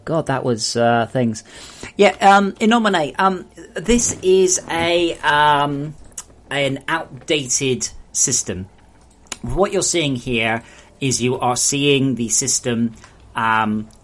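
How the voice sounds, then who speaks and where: Rambling man chatting on stream. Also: medium pitch. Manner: rambling, frank, talks straight to chat. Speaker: solo game developer. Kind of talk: casual live-stream chat with viewers.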